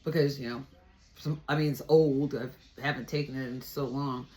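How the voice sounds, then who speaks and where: A woman's voice: rumbling low, steady tone, normal speed, a little mellow. A woman vlogger candidly recounting a personal experience in a reflective, storytelling way. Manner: candid, reflective, with frequent restarts.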